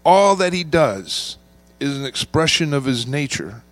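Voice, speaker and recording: Slow, measured preaching man. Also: on the high side, lively intonation, a bit bright. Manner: measured preaching, slowing to stress key words. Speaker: pastor. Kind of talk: sermon.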